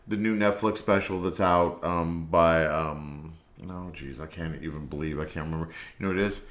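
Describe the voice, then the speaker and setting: A man with a somewhat low voice hosts a solo podcast in a relaxed, meandering monologue. He rambles from one thought to the next. His voice rings in a roomy, echoey space. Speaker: podcast host. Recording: echoey room.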